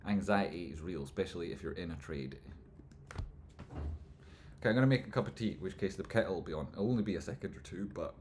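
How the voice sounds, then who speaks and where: A man's voice: deep voice, fast talker, a little hiss or hum. Rambling man on a livestream. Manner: rambling, trails off into mumbles, sudden loud jokey outbursts. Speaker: livestream host answering chat. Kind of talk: casual live chat, stock chart commentary.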